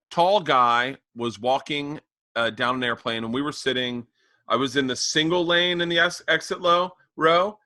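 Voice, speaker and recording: A man co-hosting a podcast, telling meandering stories in casual chat. His voice is bright and forward, recorded dry and close. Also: medium pitch, dry recording. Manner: rambling storyteller, chuckling. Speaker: podcast co-host.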